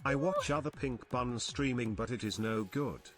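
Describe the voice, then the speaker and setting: A male text-to-speech voice reading chat messages in a flat, mechanical way. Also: medium pitch, normal speed, over music.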